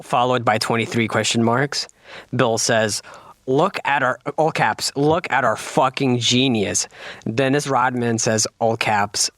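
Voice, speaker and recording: A man co-hosting a podcast, reading silly generated chats aloud with quick, amused delivery. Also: mid-range voice, fairly bright tone, no echo, studio quality. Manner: fast, amused reading with frequent laughs. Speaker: podcast co-host. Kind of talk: casual chat, reading AI texts aloud.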